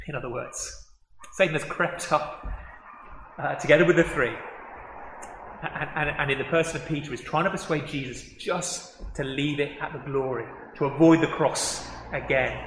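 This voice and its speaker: A man preaching a sermon, animated, acting out the quoted words with rising excitement. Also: fairly high pitch, moderate pace, a little hiss or hum. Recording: echoey hall with long reverb.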